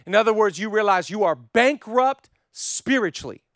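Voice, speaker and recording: A man preaching a sermon as pastor, with passionate rhythmic repetition, swinging from loud declarations to hushed, intimate passages. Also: sits high, lively intonation, moderate pace, no echo, clean studio sound.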